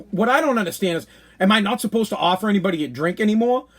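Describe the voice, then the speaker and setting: A man hosting a podcast, telling a story in a rambling, animated way and stumbling over repeated words. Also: sits high, fairly quick. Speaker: podcast host. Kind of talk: casual storytelling monologue.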